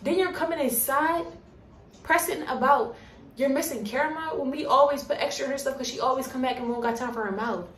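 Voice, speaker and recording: A young woman working at a coffee shop tells a storytime in a blunt, animated and profane way. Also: sits high, fairly quick. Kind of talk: casual storytime. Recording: roomy, distant from mic, faint noise.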